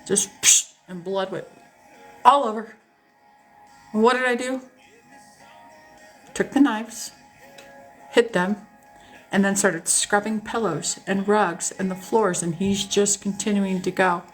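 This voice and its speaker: A woman hosting a casual live stream, telling personal stories to her viewers in an animated, candid way and swearing freely. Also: medium pitch, slow pace, pauses often, faint music behind. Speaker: host. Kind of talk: casual storytelling chat to a live audience.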